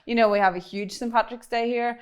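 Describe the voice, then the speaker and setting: Northern Irish woman guest, quick and chatty, smooth clear voice, laughs a lot. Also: on the high side, steady tone. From Northern Ireland, County Tyrone. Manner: quick-talking, laughs often, many fillers. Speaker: interview guest, cybersecurity expert. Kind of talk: casual interview chat.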